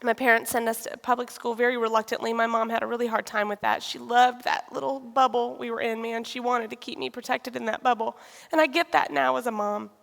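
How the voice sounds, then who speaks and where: A woman giving a personal testimony, telling her story in a lively way and acting out conversations. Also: fairly high pitch, fairly quick, creaky. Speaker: speaker sharing a personal testimony. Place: church sanctuary. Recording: reverberant hall.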